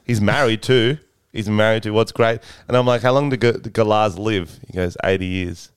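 A man's voice: fairly low pitch, fairly even intonation, moderate pace, clear, resonant tone, no echo, studio quality. A young Australian man co-hosting a podcast, telling stories in a laid-back way, swearing freely and laughing often. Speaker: podcast co-host. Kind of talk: casual chat.

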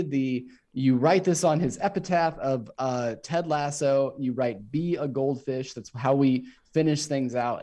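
A man's voice: mid-range voice, dark tone. A man co-hosting a casual podcast, telling a story with frequent ums and restarts. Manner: hesitant, many ums and restarts. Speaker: podcast co-host.

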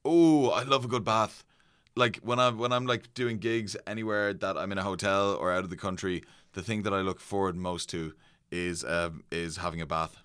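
A man's voice: sits low, level tone, moderate pace, bright, forceful tone, clear, resonant tone, dry recording, studio quality. A man co-hosting a casual podcast, teasing his co-host and confidently explaining things.

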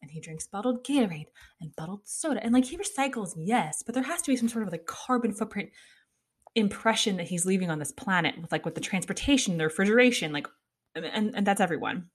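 A woman's voice: medium pitch, expressive, quick pace, husky. A young woman hosting a casual solo podcast, chatting and ranting with exasperation, laughing often and swearing casually. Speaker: podcast host.

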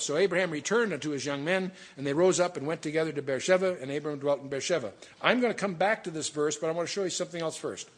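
A man's voice: fairly high pitch, fast talker, few pauses. A man teaching a verse-by-verse Bible study, reading scripture aloud and breaking off to explain it with asides and restarts.

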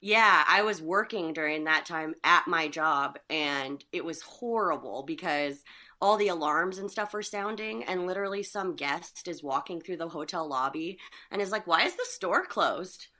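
A woman telling an animated anecdote as a radio guest. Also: lowish voice, moderate pace.

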